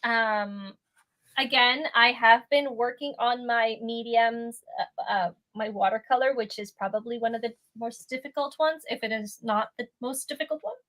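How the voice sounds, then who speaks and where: Hesitant, bright-voiced woman guest. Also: fairly high pitch, normal speed. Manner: hesitant, lots of fillers, self-deprecating. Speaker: guest artist. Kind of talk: casual chat.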